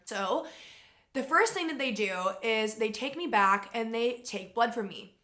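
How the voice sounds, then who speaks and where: A young woman with a fairly high voice tells a personal story straight to camera. She talks casually and with lots of feeling, swears freely and acts out what other people said along the way. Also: expressive, moderate pace, sharp tone. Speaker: vlogger.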